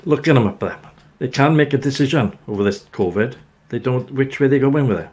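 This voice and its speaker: A man's voice: medium pitch, brisk, a little mellow. An older man with a Welsh accent, hosting a casual chat and telling rambling, jokey stories. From Wales. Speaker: host.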